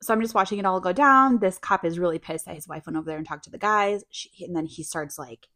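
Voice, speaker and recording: A woman's voice: fairly low pitch, fast talker, a bit bright. A woman co-hosting a podcast, telling a long, rambling personal story in a casual, filler-heavy way. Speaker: podcast co-host.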